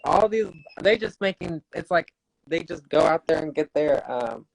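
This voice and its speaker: A talk show co-host chatting casually, responding quickly and restarting phrases while thinking. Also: mid-range voice, animated, creaky, dry recording, low-quality recording. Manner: conversational, quick backchannels, restarts when thinking. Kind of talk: casual chat.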